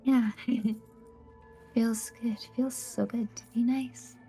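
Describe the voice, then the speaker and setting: A woman's voice: fairly high pitch, steady tone, slow, warm tone, faint music behind. A woman running a tabletop game as game master, describing scenes in a loose, hesitant way with many fillers.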